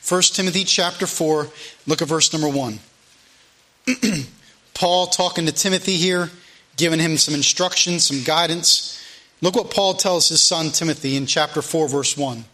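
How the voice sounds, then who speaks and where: A man preaching a sermon, reading King James scripture slowly and emphatically. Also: fairly high pitch, bright, forceful tone. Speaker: pastor.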